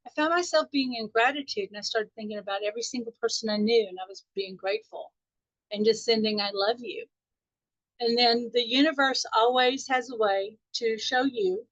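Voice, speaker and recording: A woman's voice: on the high side, a bit bright, no room sound, muffled recording. A middle-aged woman from Texas, a spiritual teacher telling a chatty story on a group call. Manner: chatty, anecdotal, laughs often. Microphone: call audio.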